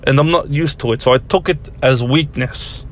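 A man voicing a blunt, mean Russian boom operator, speaking in a put-on Russian accent with deadpan, broken English. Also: moderate pace, slight background noise, natural voice.

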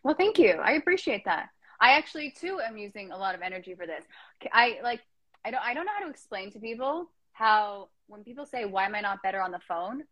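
Animated rambling woman, casual chat. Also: medium pitch, fast talker, dry recording, lo-fi sound. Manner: animated, rambling, laughs often. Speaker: guest. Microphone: Instagram Live stream.

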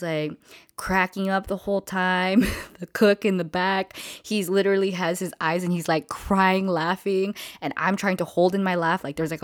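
A woman's voice: fairly low pitch, no echo, clean studio sound. Slangy, profane woman telling a story. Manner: slangy and profane, acts out quoted voices. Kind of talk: casual storytelling.

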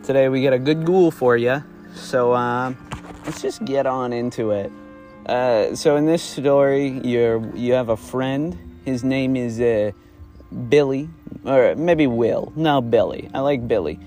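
A man's voice: mid-range voice, a little slow, a little mellow, soft background music. A man hosting a podcast, improvising a story in a rambling, self-correcting way and swearing casually. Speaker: podcast host.

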